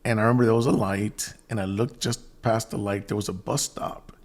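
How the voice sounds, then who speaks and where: A man's voice: fairly low pitch, fairly even intonation, a little fast. A man hosting his own show, telling a personal story in a casual, rambling way, quoting himself and restarting his sentences often. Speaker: host.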